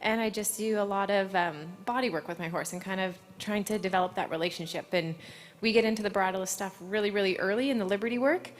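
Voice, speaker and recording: A woman's voice: medium pitch, fast. A woman in her thirties, an award-winning horse trainer, answers questions on stage at a ceremony and talks emotionally, close to tears. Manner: emotional, holding back tears. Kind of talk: live on-stage interview.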